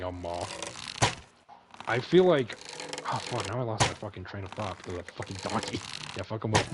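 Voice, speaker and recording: A man's voice: on the low side, background noise. Rambling man swearing on a podcast. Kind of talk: casual podcast chat. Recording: lo-fi dull recording.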